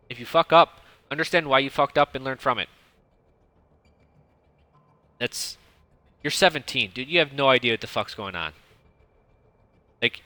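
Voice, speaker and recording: Casting note: streamer, thirties, piercingly bright and dry-close tone, swears freely, rambling coach. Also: male voice, mid-range voice, no echo. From United States (Detroit). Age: 30s. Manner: profane, rambling, blunt advice; self-described monotone delivery. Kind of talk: casual coaching commentary.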